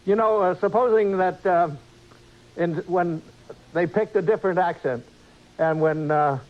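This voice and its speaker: A man's voice: high-pitched, measured pace. An older man, an actor and talk show guest, telling stories in a rambling, chuckling way. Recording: dull old TV broadcast with faint hiss.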